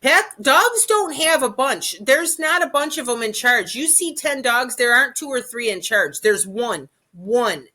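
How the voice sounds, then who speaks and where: A woman's voice: on the high side, animated, unhurried, hardly any pauses, sharp tone. A woman giving casual, chatty dog training advice, often repeating her points and checking in with "okay?". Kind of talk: informal instructional talk.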